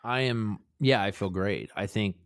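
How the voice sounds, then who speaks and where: A man's voice: lowish voice, unhurried, clean tone, no room sound, clean studio sound. A man co-hosting a podcast, talking in a rambling, self-reflective way with many restarts. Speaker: podcast co-host. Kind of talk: casual chat.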